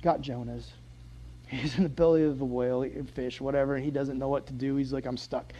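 A man preaching a sermon, joking with the congregation and acting out scripture, dropping to soft asides and rising to loud emphatic lines. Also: medium pitch, little pitch movement, fairly quick, rough recording.

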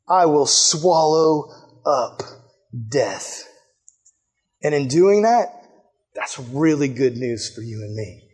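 A young man preaching to a youth group in a lively, joking way. His voice sits high and bright. He breaks into asides and little character voices as he goes. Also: slow pace, long pauses, breathy edge. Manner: animated, playful, lots of asides and voices. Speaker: youth pastor. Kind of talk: sermon.

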